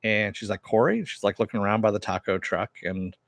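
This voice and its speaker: A man's voice: on the low side, flat delivery, a little fast, fairly bright tone, no room sound. A man hosting a casual TV recap and review, blunt and rambling, with many restarts and fillers, answering live chat while wearing headphones. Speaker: show host.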